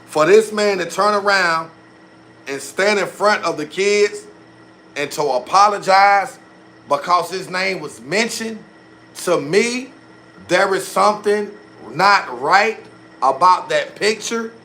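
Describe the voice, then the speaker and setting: A man's voice: sits high, slow, bright, forceful tone, a little hiss or hum. A young man hosting a live stream, talking in a slangy, repetitive style, calling out viewers and thanking them for gifts as he gives his take on the news. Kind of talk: casual live-stream commentary.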